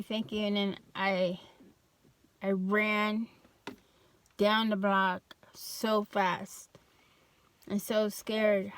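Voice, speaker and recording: A woman's voice: mid-range voice, smooth. A young adult woman telling a personal story in a casual vlog, loose and full of fillers and restarts. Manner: slow, even, flat delivery. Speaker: vlogger.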